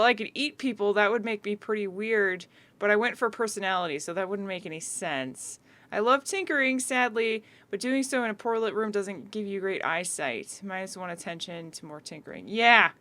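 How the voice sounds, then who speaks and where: A woman's voice: mid-range voice, moderate pace, fairly bright tone. A young woman hosting a casual let's-play, chatting as she picks skills, rambling and correcting herself with small laughs. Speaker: gaming video host.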